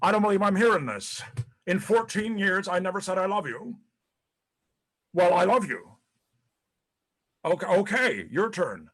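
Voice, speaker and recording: An actor in a live-streamed one-man play voices a disgraced, paranoid ex-president, profane and rambling as he stammers between bluster and self-pity in a bitter mood. His full character voice sits high and animated, with a fairly bright tone, a measured pace and long pauses.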